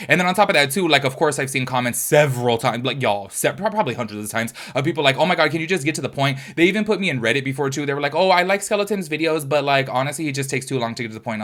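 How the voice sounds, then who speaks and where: Fast-talking chatty young man. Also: medium pitch. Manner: chatty, expressive, addresses viewers as y'all. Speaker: beauty YouTuber. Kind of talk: casual rambling vlog.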